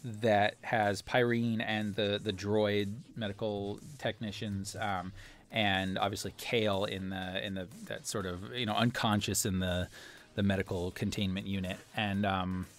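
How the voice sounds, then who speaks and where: A man's voice: fairly low pitch, little pitch movement, unhurried. A man narrating as game master in a tabletop game, rambling with many fillers.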